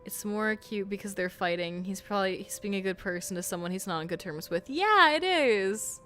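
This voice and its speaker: A young woman streaming a game and chatting casually, excitable and swearing freely. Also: medium pitch, moderate pace, a little hiss or hum.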